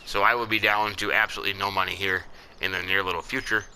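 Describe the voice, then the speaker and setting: A man's voice: low-pitched, flat delivery, fast, sharp tone, a little hiss or hum, rough recording. A man hosting a farming game channel, giving casual, folksy commentary as he talks to himself while playing. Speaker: gaming channel host.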